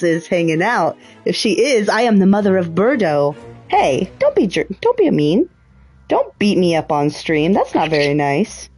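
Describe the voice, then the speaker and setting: A woman's voice: medium pitch, darkish tone. A woman livestreaming a puzzle game, thinking aloud in a chatty way and swearing freely. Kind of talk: casual gameplay commentary.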